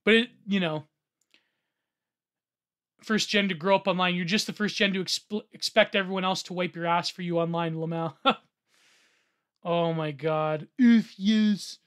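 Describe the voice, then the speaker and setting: An excitable man reads a social media thread aloud and reacts as he goes, with a bright, sharp voice. He drops to a mutter, then bursts into shouting, and laughs often between lines. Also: sits high, measured pace, long pauses, smooth. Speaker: online commentator.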